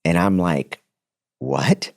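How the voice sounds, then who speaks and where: A man in his thirties, a podcast guest giving a casual, animated personal testimony, dropping slang as he talks. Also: deep voice, takes it slowly, creaky, dry recording, clean studio sound. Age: 30s.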